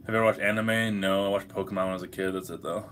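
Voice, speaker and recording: A man's voice: low voice, level tone, very fast, fairly bright tone, slight background noise. A young man hosting a casual livestream, hungover, reading chat questions aloud and answering in a laid-back, profane way.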